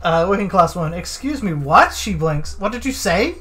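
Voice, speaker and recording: A young man streaming a game, casually reading its text and choices aloud with animated delivery. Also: high-pitched, moderate pace, hardly any pauses. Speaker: let's play streamer.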